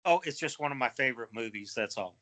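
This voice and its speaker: A man's voice: mid-range voice, animated, fast, fairly bright tone, low-quality recording. A man from Texas appearing as a guest in a casual radio interview, easygoing and brief in his replies.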